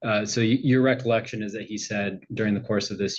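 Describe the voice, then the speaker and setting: A man presiding as a judge at a hearing, asking questions in a halting way with many fillers. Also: on the low side, steady tone. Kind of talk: courtroom questioning. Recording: muffled lo-fi audio.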